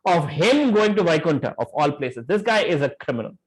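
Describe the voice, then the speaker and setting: A man's voice: mid-range voice, lively intonation, normal speed, lightly acted, rough recording. A man voicing scornful male messengers of death who mock a dying sinner. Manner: mocking, scornful.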